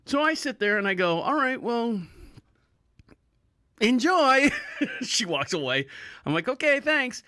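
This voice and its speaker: Animated high-voiced man telling a story. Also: no room sound, clean studio sound. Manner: rambling, profane, laughing often. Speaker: podcast host. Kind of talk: casual storytelling.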